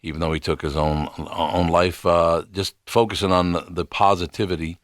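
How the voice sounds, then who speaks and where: A man hosts a morning radio interview in a very low voice. He talks in a loose, conversational way, often restarting his sentences. The mic sound is dry and close. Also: flat delivery, moderate pace, no echo. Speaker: radio show host.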